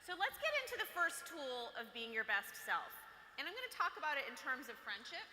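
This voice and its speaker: A high-voiced woman with a very bright, clear tone gives a chatty, playful motivational talk to girls. She is recorded in a large hall that rings with a long reverb. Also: very animated, a little fast. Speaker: workshop speaker for girls. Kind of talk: motivational talk to a live audience.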